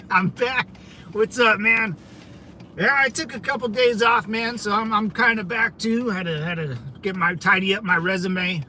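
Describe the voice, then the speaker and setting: A man's voice: high voice, moderate pace, hardly any pauses, bright, forceful tone, a little hiss or hum, low-quality recording. A man livestreaming casually from his car, rambling loosely and greeting viewers by name. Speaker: vlogger streaming while driving.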